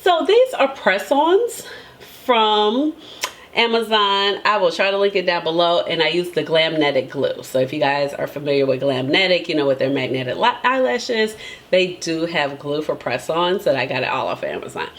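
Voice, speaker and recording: A woman's voice: lowish voice, big pitch swings, normal speed. A woman beauty vlogger talking casually and emphatically to her viewers, laughing often and tagging her points with "okay?". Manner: chatty and emphatic, tags lines with "okay?"; laughs often between remarks. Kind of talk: casual chat.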